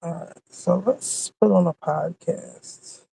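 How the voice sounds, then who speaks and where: A man's voice: high voice, slow, creaky, warm tone, breathy edge, poor audio. A male streamer chatting casually to himself while driving, grumbling at his car. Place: inside a car.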